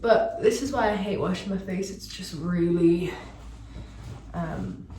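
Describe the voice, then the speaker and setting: A hungover young vlogger from Newcastle, England, chats to her phone camera in a Geordie accent while getting ready in her bathroom. Her fairly low, dark voice moves a little slowly and rambles with lots of fillers. The echoey room leaves her off-mic and distant, with slight background noise.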